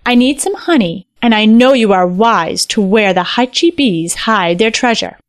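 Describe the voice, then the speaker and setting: Woman voicing a young male fox, storybook, eager and earnest, higher pitch. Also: moderate pace, natural voice. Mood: coaxing. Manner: excited and earnest.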